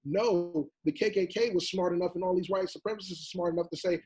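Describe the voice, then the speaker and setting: A man argues with conviction on a discussion panel. His voice sits a bit high and has a husky edge. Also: quick pace, dark tone, poor audio. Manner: impassioned, acts out voices in quotes. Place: Los Angeles.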